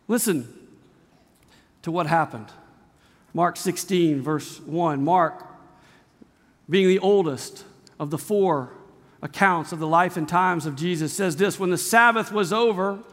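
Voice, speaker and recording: A man's voice: high-pitched, fairly bright tone, big-room sound. A male pastor preaching a sermon, emphatic, with repeated phrases and rhetorical questions. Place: church sanctuary.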